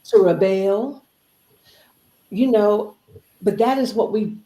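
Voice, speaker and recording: A woman's voice: mid-range voice, takes it slowly, warm tone, reverberant. A woman guest speaker giving an inspirational, preachy talk, repeating phrases for emphasis.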